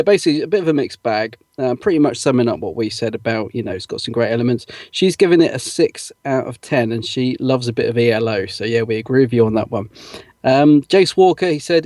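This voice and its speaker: A man's voice: mid-range voice, a little mellow, no echo, studio quality. A man co-hosting a podcast in a casual chat, reading out listener comments with frequent ums and little laughs. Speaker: podcast co-host.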